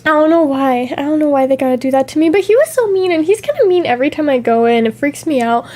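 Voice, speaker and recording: A young woman streamer in casual chat, telling stories in a chatty, animated way with gasps and laughs. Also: sits high, fast talker. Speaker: VTuber streamer.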